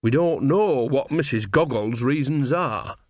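A man's voice: medium pitch, expressive, measured pace, no room sound, clean studio sound. A man voicing a stern, shrewd old witch woman in a storybook reading, blunt and commanding.

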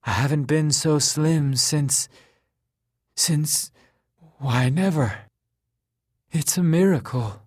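A man's voice: a little high, slow pace, pauses often, a little mellow, breathy edge, dry recording, studio quality, voice pushed up. A man voicing a frail, exhausted man with a thin, faint, tired voice that trails off weakly. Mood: faintly insisting. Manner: weak and whispery, trailing off.

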